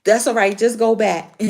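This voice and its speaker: A woman's voice: medium pitch, level tone, slow pace, vocal fry. Chatty woman giving a spiritual reading. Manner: chatty, emphatic repetition, frequent laughs. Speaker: tarot reader. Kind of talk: casual spiritual reading to viewers.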